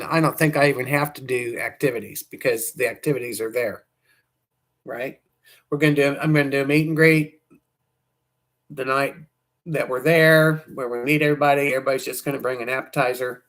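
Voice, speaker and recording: A woman hosting a casual livestream, chatting to viewers in a rambling way and sounding hoarse. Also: a bass voice. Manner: rambling, chatty, trails off mid-thought. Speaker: livestream host.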